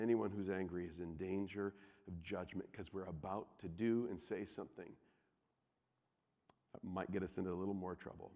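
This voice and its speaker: A man's voice: sits low, moderate pace. Man preaching with big swings in volume. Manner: animated storytelling, swinging from loud to hushed. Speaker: pastor. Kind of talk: sermon. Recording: long hall reverb.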